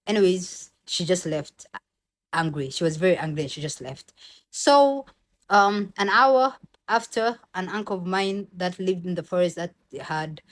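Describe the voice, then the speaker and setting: A young woman from Somalia, telling a personal story in a casual, animated vlog and acting out the other people's voices. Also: fairly low pitch, moderate pace. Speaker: vlogger.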